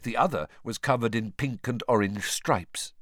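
In this scripted audiobook narration, a man tells the story with expressive flair. His pitch is medium and his pace moderate, captured as clean studio sound without any echo.

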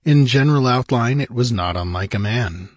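A man narrating an audiobook in a measured, grave manner with a husky voice. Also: mid-range voice, animated, no room sound, studio quality.

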